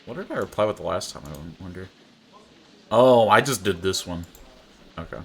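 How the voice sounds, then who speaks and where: A man's voice: low voice, expressive, normal speed, vocal fry, a bit bright, slight background noise. A young man at his home streaming setup, talking into a desk mic and reading game messages aloud during live commentary. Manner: reads game text aloud, chuckling often. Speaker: streamer playing a visual novel. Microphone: desk microphone.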